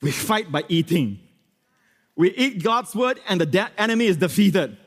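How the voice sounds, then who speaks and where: A male pastor preaching a sermon, his fairly high voice ringing out with long reverb in a church hall. He swings from emphatic exclamations down to hushed, prayerful lines. He repeats phrases and scatters hallelujahs and amens throughout. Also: big pitch swings, moderate pace.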